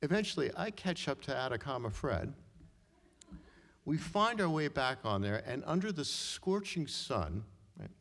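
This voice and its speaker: A middle-aged man telling a personal story live on stage, talking conversationally and often tagging his sentences with "right?" and clearing his throat. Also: mid-range voice, sing-song, a little slow, a bit bright. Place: stage in a hall before an audience. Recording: long reverb of a hall.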